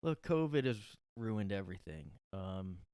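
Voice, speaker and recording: A man's voice: on the low side, big pitch swings, measured pace, warm tone, clean tone, no echo, studio quality. A man hosting a solo podcast from his room, rambling and sarcastic with lots of fillers. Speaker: podcast host. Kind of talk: casual solo monologue.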